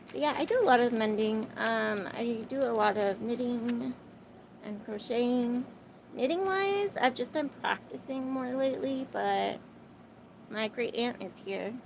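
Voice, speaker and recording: A woman's voice: a little high, gravelly, a little hiss or hum, poor audio. A young adult woman hosting a livestream, chatting casually and rambling with lots of fillers, her accent a mix of types of English. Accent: mixed English. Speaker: livestream host. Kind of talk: casual livestream chat with viewers.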